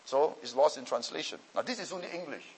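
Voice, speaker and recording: A man teaching a class on Bible languages and preaching, emphatic and deliberate, often checking in with his listeners. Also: a little high, lively intonation, breathy edge, poor audio.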